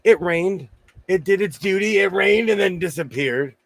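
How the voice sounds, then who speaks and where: Man, hoarse voice, loud and animated, somewhat high pitch, dry sound. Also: moderate pace, no room sound. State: hoarse, losing his voice. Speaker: host. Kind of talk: casual chat. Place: home sewing room.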